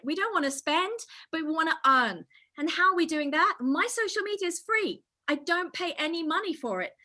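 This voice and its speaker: A middle-aged woman real estate agent giving an energetic online training session, speaking straight to her audience. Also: sits high. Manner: energetic, enthusiastic, addresses audience directly.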